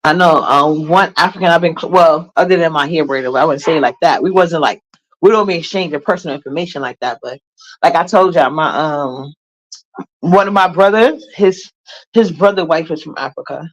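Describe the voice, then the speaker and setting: A woman's voice: low voice, brisk, low-quality recording. A woman hosts a livestream in a casual, chatty way. She is blunt and full of sass, and she addresses her chat directly as she goes. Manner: blunt, sassy, talks straight to her chat. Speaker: livestream host.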